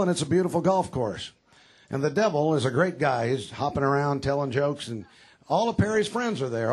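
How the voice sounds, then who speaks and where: A man giving a rally speech for governor, telling jokes in a dry, halting way with many fillers. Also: fairly high pitch, husky. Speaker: candidate for governor speaking at a rally. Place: campaign rally before a crowd.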